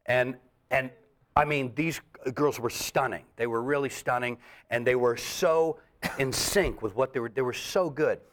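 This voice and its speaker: A middle-aged man, a comedian guest, telling a stand-up story with lively acted-out voices and frequent laughs. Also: mid-range voice, moderate pace. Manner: animated storyteller, acts out voices, laughs often.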